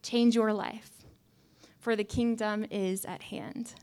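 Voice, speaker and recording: A young adult woman preaching a conversational sermon in a wry, self-mocking way, often dropping to soft asides. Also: medium pitch, steady tone, slow, clean tone.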